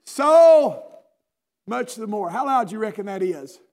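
A man preaching a sermon in a church service, swinging from loud shouting to low intimate speech and firing rhetorical questions at listeners by name. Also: brisk.

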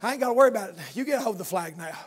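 High-voiced man preaching a fervent sermon. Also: expressive, racing. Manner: impassioned, builds from soft talk to fervent shouting cadence.

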